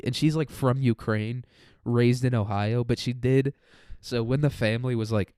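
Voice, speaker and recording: A young man rambles through a solo podcast in a crude, easygoing way, often breaking into laughter. His voice is mellow, smooth and warm. The recording is close and dry, and he sounds a little tired. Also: mid-range voice, steady tone, moderate pace, no echo. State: mentally tired. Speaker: student podcaster. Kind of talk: casual solo podcast monologue.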